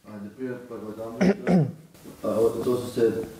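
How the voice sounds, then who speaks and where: A man's voice: medium pitch, animated, normal speed, a crowd in the background. A man in the audience hesitantly asking the teacher a question. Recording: distant, echoey room mic.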